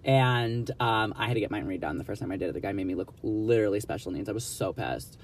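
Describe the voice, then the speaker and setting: A man's voice: on the low side, fast, slight background noise. A young man casually telling a story in a blunt, gossipy, profane way, acting out what others said. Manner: blunt, profane, gossipy, acts out quoted dialogue.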